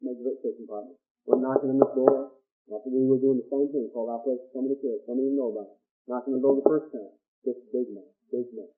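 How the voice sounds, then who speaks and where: Folksy preacher on a tinny recording. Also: male voice, medium pitch, fairly even intonation, quick pace, soft background music. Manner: folksy, breaks into shouts and laughter. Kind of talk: sermon storytelling.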